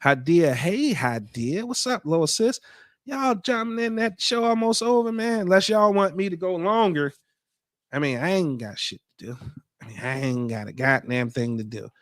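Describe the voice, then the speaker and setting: A man's voice: fairly high pitch, lively intonation, normal speed, no echo, clean studio sound. A man hosting a podcast live stream, chatting casually, reading out viewer comments and joking around with loose, profane banter. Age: adult father. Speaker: podcast host.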